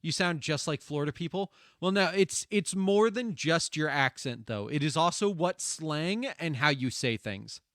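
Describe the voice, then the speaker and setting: A man's voice: a little high, lively intonation, normal speed, few pauses, fairly bright tone, no room sound, clean studio sound. A man with a Midwestern accent streaming while gaming, chatting casually, swearing freely and laughing often.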